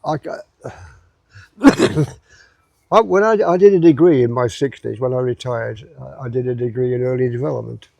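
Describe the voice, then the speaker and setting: A man's voice: mid-range voice, moderate pace, creaky, pauses often, darkish tone, no echo. A man, a guest in a casual chat who repeats words while he finds them. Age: 80s.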